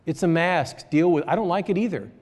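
A man with a fairly high voice preaches in a church, and long reverb trails each line through the hall. He talks to his congregation like friends, dropping to quiet asides and then lifting into urgent exhortation. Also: fairly quick. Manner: conversational, swings from hushed asides to raised exhortation. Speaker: pastor. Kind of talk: sermon.

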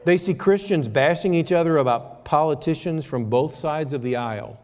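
A man preaching a sermon to his church, talking to the congregation in a conversational way that moves between quiet asides and raised exhortation. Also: on the high side, normal speed, in a large hall. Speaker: pastor.

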